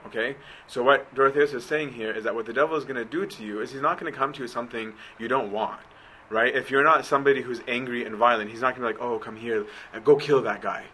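A man teaching a church class in a bright, forceful voice. He moves from reading a text aloud to explaining it in plain everyday talk, often checking in with a quick "right?". When he urges his listeners on, he turns earnest and emphatic, and a faint hiss sits under the voice. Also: medium pitch, poor audio. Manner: reads a passage aloud, then explains it informally with frequent "right?". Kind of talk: conversational religious teaching.

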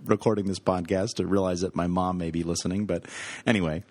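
A man's voice: sits low, fairly even intonation, fast. A man co-hosting a podcast in easygoing casual chat, laughing easily. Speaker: podcast co-host.

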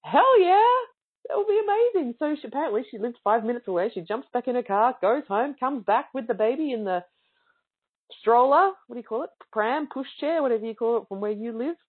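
Her voice is on the high side, brisk and edged with breath. As a yoga student addressing yoga teachers, she tells a chatty, enthusiastic tale about a yoga class, acting out the other people's lines, over narrow, phone-like webinar audio.

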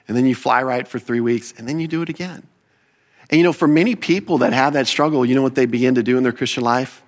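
A man preaching a sermon as pastor, with animated emphasis, rhetorical questions and quick self-corrections. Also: mid-range voice.

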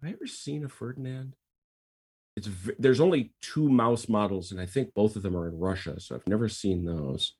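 A man's voice: fairly low pitch, moderate pace, darkish tone, breathy edge. A man co-hosting a casual podcast, reading history facts aloud and breaking off into asides. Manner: reads facts aloud, then riffs with asides. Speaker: podcast co-host.

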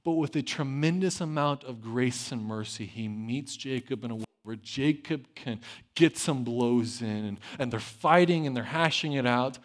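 A male pastor preaching a sermon with animated delivery, swinging between loud emphasis and hushed asides, and telling the story with conversational humor. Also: medium pitch, moderate pace. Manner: acts out biblical dialogue with conversational humor.

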